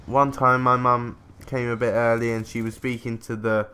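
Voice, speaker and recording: A man's voice: medium pitch, little pitch movement, moderate pace, pushed and bright, clean tone. A man, telling a rambling story during casual gameplay commentary, swearing casually. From England. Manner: rambling, chatty, self-interrupting, swears casually. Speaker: gaming commentator.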